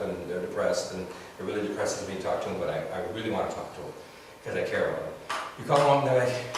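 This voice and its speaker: A middle-aged man, a therapist, giving an earnest church seminar talk and acting out quoted voices in a raised pitch. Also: fast. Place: large echoing church hall. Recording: echoey room, distant mic, noisy.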